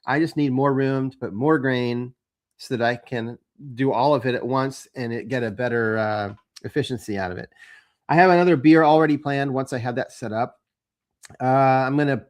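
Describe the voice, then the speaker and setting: A man with a mid-pitched voice talks casually to his viewers. He rambles along, stopping often for ums and uhs and starting his sentences over. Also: steady tone, moderate pace. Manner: rambling, with many fillers and restarts. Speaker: homebrewing channel host. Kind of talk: casual chat to camera.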